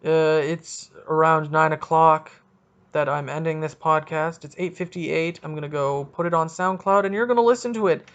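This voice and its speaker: Rambling high-voiced man hosting a podcast. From Canada. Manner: rambling, jokey, thinks out loud. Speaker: podcast host. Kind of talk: solo casual podcast. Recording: dull lo-fi recording.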